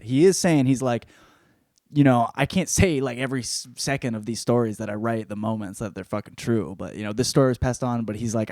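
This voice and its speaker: Man podcast host, casual rambling monologue, heavy swearing, mid-pitched voice, dry close sound. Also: dry recording. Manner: profane, rambling, animated storytelling. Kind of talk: casual solo book-review monologue.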